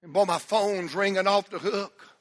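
An older man preaches from the pulpit in a high, bright tenor. He swings from quiet, folksy storytelling into shouted, repeated exhortations. His tone stays sharp and ringing even at full volume. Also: normal speed. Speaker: pastor. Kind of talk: revival-style sermon.

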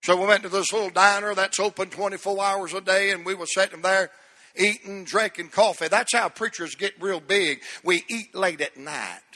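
A man's voice: high-pitched, normal speed, sharp tone, big-room sound. A man, a pastor preaching a sermon with an emphatic, repetitive cadence.

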